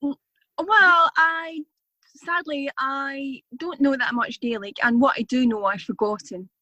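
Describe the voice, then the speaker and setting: Guest: high, bubbly Scottish woman, dry close sound. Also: slow pace, pushed and bright, no echo, highs cut off. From Scotland. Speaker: guest baker. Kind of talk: casual podcast chat.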